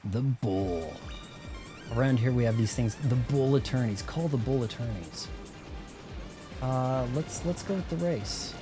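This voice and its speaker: Man, live gameplay streamer, casual rambling commentary, average pitch, game music clearly behind. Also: lively intonation, unhurried. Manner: rambling, joking asides while playing.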